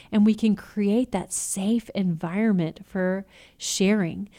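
A woman's voice: medium pitch, a little slow, mellow. A woman giving a faith-based teaching talk on family communication, earnest and coaching, acting out example phrases. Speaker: Christian family communication speaker.

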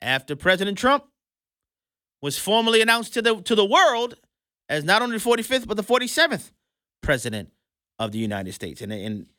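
A man hosting an opinionated commentary show, emphatic and sarcastic, swinging between loud and hushed. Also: high voice, big pitch swings, a little fast, long pauses, no echo, clean studio sound.

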